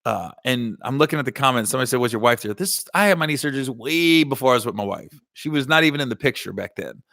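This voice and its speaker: A man's voice: mid-range voice, animated, quick pace, gravelly, a bit bright, no room sound, clean studio sound. A man hosting a comedy podcast in casual storytelling style, rambling and correcting himself, with a slight Ohio Valley twang.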